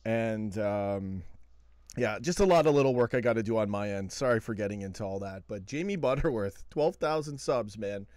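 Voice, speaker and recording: A man's voice: fairly low pitch, moderate pace, a little mellow, no room sound. Laid-back man hosting a late-night stream. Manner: chatty and laid-back, laughs often. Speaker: host of a live call-in fan show. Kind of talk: casual late-night live stream chat.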